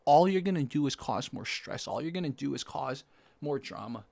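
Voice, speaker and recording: A young man, outdoors, casually telling a personal story to camera, acting out quoted lines with animated energy. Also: mid-range voice, normal speed, gravelly, no room sound. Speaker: vlogger. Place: outdoors in sunlight.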